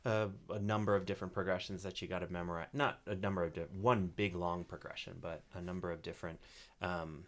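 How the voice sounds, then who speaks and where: Low-voiced man teaching ukulele. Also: a little hiss or hum. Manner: relaxed, explanatory, frequent fillers. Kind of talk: online music lesson.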